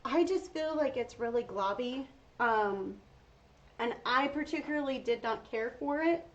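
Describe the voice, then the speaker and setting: Chatty high-voiced woman crafting. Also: lively intonation, unhurried. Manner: chatty, talks to viewers while working. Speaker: craft tutorial host. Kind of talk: casual painting tutorial. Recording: dull lo-fi sound with faint noise.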